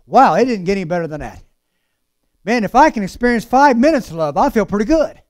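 A man preaching a sermon with passion, drawing out key words slowly and then rushing through quick asides. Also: high voice, very animated, no echo, clean studio sound. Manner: impassioned, swings between slow emphatic lines and fast asides.

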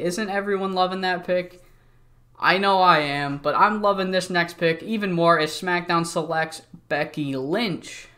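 Bright-voiced young man narrating a wrestling game. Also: on the high side. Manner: jokey, rambling, swears. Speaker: let's-play host. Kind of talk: casual game commentary.

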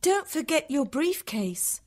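A man's voice: very high-pitched, very animated, slow, voice pushed up, heavily acted. A man voicing a kind young woman of about twenty-two who keeps the peace, in an audiobook story.

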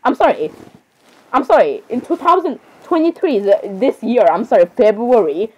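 A teenage girl chatters through casual reaction commentary, apologizing again and again between giggles. Her voice sits fairly high but sounds mellow and soft rather than bright. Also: sing-song, normal speed, slightly rough, lo-fi sound. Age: teens.

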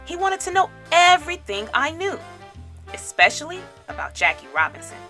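A woman reads a children's storybook aloud as a teacher, with expressive, animated storytelling. Her voice is bright and set fairly high, and her pitch moves a great deal. Faint music plays behind her. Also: normal speed.

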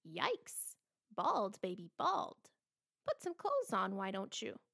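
A woman voicing a curious, adventurous male dog in a children's storybook, speaking in a lively, exclaiming way. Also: medium pitch, takes it slowly, creaky, exaggerated voice.

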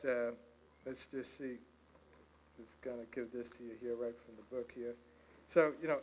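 A man's voice: medium pitch, low-quality recording. A man in his sixties speaking as a guest to a college audience, chatting loosely and reading passages from his book. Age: 60s. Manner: loose and chatty, with many fillers and restarts. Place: college lecture room.

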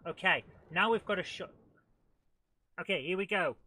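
Excitable woman with a head cold. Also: fairly low pitch, moderate pace, slightly rough. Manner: excitable, chatty, talks to the game and laughs a lot. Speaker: host of a retro gaming channel. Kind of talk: live let's-play commentary.

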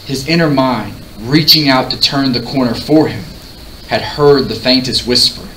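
A man reading a novel aloud in a measured, expressive way. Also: medium pitch. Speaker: audiobook reader. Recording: roomy, distant mic, faint hiss.

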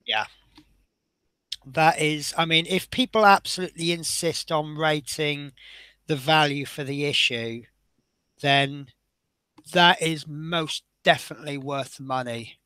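A man's voice: on the high side, steady tone, a little slow, long pauses, pushed and bright, clean tone, no room sound. A man chatting casually as he builds a scale model, rambling and often breaking off mid-sentence. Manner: chatty, rambling, self-interrupting.

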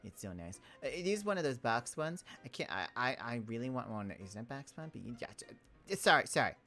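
A casual gaming commentator who rambles, jokes and keeps cutting into their own sentences while building. The voice swoops up and down with lively intonation. Soft background music plays under the talk. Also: medium pitch, brisk. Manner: rambling, joking, self-interrupting. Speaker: Minecraft let's play creator.

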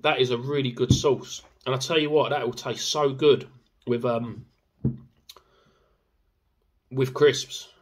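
A man's voice: medium pitch, steady tone, slow pace, pauses often. A young man chatting casually in a sauce review vlog, rambling with fillers and swearing freely. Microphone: camera mic.

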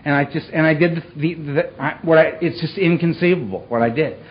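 A man giving a raw, dramatic recovery talk to a live audience, with dark humor and a street-casual way of speaking. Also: a little high, brisk. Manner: street-casual, peppers speech with "man" and "you know". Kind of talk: personal recovery story told to a live audience. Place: meeting hall with a live audience. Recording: dull, lo-fi live talk recording with faint hiss.

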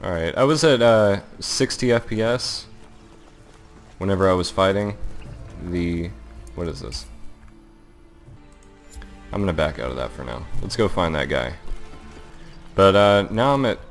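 Low-voiced man narrating his gameplay. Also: measured pace, long pauses, soft background music. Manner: excitable, thinking aloud while playing. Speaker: gaming channel host. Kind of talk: let's-play commentary.

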